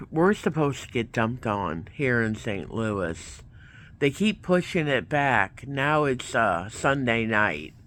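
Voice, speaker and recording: A man's voice: mid-range voice, a bit bright, a little hiss or hum. A man vlogging casually, rambling through a story and acting out both sides of the conversations. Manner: rambling, retells events with quoted back-and-forth.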